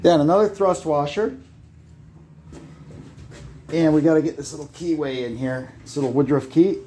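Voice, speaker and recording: Slight background noise accompanies a man with a fairly high, warm voice as he casually explains a brake lathe repair step by step in his garage. He thinks out loud, halting with fillers, and a phone camera propped nearby picks him up.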